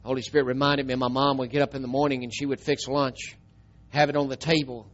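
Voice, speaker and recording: Preacher, loud then hushed. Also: male voice, medium pitch, flat delivery, fast talker, lo-fi sound. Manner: swings from loud emphatic telling to soft tearful hush. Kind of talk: storytelling sermon.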